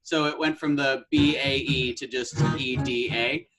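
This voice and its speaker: A man's voice: mid-range voice, steady tone, a little slow, over music. A man in his twenties, a guest musician and actor, chatting in an easygoing way and laughing often. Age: 20s. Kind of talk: casual interview chat.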